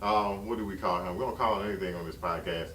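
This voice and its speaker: A man's voice: low voice, fairly even intonation, fast talker, a bit bright. A man in a casual podcast chat, talking bluntly and profanely in an offhand way. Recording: roomy, distant mic, faint noise.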